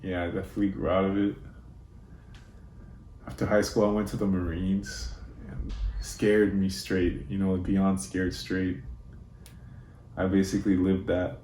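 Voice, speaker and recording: A young man telling personal stories in a relaxed, laid-back way, with frequent fillers. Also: sits low, unhurried, pauses often, a little hiss or hum. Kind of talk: casual personal storytelling. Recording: roomy with faint ambience.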